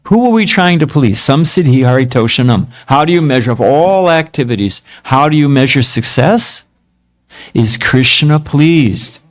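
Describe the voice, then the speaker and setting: An older man in his seventies gives a spiritual talk in an easy, conversational voice, his pitch sitting right in the middle for a man. He tells anecdotes with wry self-mockery and loose, chatty fillers. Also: lively intonation, moderate pace. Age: 70s. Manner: casual, self-mocking storytelling with fillers. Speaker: monk giving a talk.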